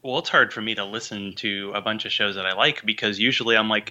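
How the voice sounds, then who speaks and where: Podcaster guy on a radio show, self-deprecating jokes, really bright edgy voice. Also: fairly low pitch, quick pace, dull audio. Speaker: guest podcaster. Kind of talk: casual radio interview.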